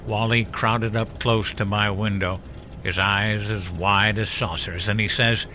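An actor playing a gruff older war veteran father who tells a grim story in a blunt, profane way. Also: fairly low pitch, steady tone, unhurried, sharp tone, a little hiss or hum. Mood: grim recollection. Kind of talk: audio drama storytelling.

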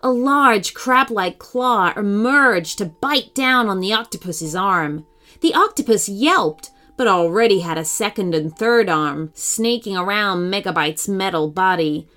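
A woman narrating a children's story in an expressive, animated reading voice. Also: medium pitch.

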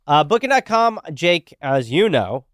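A man's voice: on the high side, sing-song, unhurried, smooth, dry recording, studio quality. A man co-hosting a comedy podcast, reading a sponsor spot in a loose, joking, rambling way. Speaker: podcast co-host. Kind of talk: casual chat and read ads.

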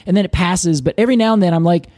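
A man's voice: high voice, very fast, mellow, no room sound, studio quality. A man co-hosting a podcast in casual chat, chatty and laughing often as he explains things at length. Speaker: podcast co-host.

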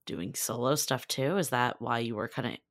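A woman's voice: a bass voice, moderate pace. A woman hosting a podcast who laughs often and asks probing questions. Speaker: podcast host. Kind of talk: casual interview chat.

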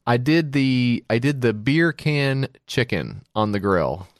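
A man's voice: medium pitch, expressive, takes it slowly, no echo, clean studio sound. A middle-aged man co-hosting a podcast, rambling through stories and acting out quoted voices in casual chat. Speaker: podcast co-host.

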